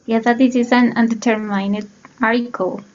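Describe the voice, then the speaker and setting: Woman student on a video call, flat hesitant explaining, dull lo-fi sound. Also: fairly high pitch, moderate pace. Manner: hesitant, searches for words. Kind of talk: explaining an answer in class.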